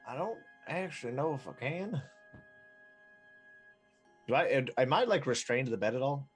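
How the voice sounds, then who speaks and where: A man's voice: mid-range voice, lively intonation, normal speed, husky, soft background music. A man playing a tabletop role-playing game, joking, swearing and acting out his character. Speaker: player.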